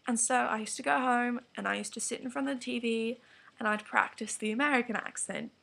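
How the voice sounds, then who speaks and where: A teenage girl with an English accent rants straight to camera in a casual vlog. Her voice sits a little high and has a gravelly, breathy texture. She rambles frankly, leans on "like" and drops into whispered asides. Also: fairly even intonation, fairly quick, fairly bright tone. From England. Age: teens. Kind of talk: candid vlog rant to camera.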